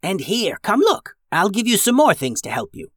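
Man doing an old storybook witch, slow, grumbling, raised pitch, dry sound. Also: huge pitch swings, dry recording, exaggerated voice. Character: old grumbling witch, hurt but kindly.

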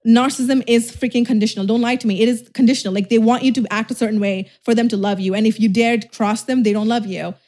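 A woman podcast host chatting in a loose storytime style, her voice pitched a little high. She talks fast and emphatically, rambling and cussing freely. She is recorded close on the mic. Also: steady tone, darkish tone. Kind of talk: casual storytime chat.

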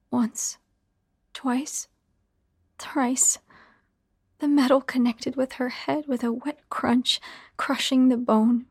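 A woman narrating a first-person horror story in a hushed, half-whispered delivery. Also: sits high, husky, no room sound, clean studio sound.

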